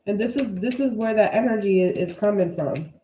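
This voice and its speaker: A tarot reader gives her viewers a casual energy reading, blunt and emphatic with plenty of swearing. Her medium-pitched voice is brisk and warm, recorded with a roomy echo and slight background noise.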